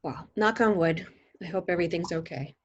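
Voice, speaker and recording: Low-voiced woman interviewer. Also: a little fast, muffled recording, slight background noise. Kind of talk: casual interview.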